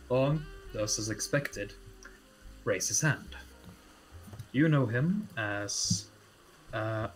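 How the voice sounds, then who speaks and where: Male tabletop game master, mid-pitched, casual narration with plenty of fillers. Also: low-quality recording.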